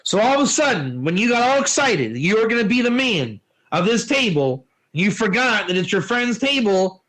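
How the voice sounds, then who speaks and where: A man teaching a Torah lesson in an informal, animated way, telling stories and asking rhetorical questions. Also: sits high, normal speed, rough recording.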